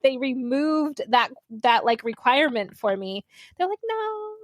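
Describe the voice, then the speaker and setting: A woman's voice: fairly high pitch, lively intonation, measured pace, no room sound, clean studio sound. A woman in her thirties co-hosting a podcast, chatting playfully and laughing easily. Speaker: podcast co-host. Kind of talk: casual chat.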